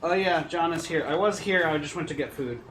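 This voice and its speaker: A man guesting on a live stream, chatting casually in a relaxed, halting way. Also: a little high, soft background music.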